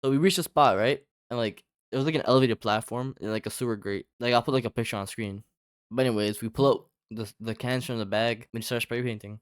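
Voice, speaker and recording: Young male storyteller, talks fast and loose with constant fillers and cursing. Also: medium pitch, smooth, dry recording, studio quality. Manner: rambling, heavy filler "like", lots of swearing. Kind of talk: casual storytime chat.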